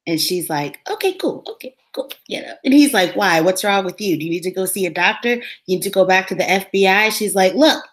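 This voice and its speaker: A woman co-hosting a casual talk show, retelling a TV episode in an animated way and acting out the characters' lines. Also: medium pitch, a little fast, hardly any pauses. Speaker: co-host recapping a TV episode. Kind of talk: casual chat.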